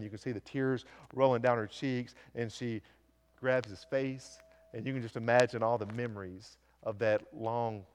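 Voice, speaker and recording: A man's voice: medium pitch, smooth, long reverb tail. A man preaching a sermon as pastor, earnestly asking his congregation questions and telling a story from his week. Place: church sanctuary.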